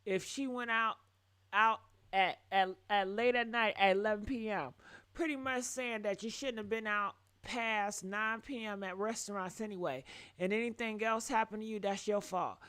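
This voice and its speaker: A woman host giving casual commentary, slow and deliberate, repeating herself. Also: medium pitch, fairly even intonation, a bit bright, smooth, no room sound.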